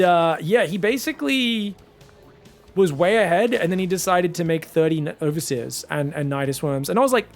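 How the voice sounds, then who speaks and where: A man with a fairly high voice casts a video game match on his own. He talks in an excitable, chatty way, laughs a lot and often stumbles and restarts his sentences. Faint music plays under him. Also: vocal fry. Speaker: esports caster. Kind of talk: solo game commentary.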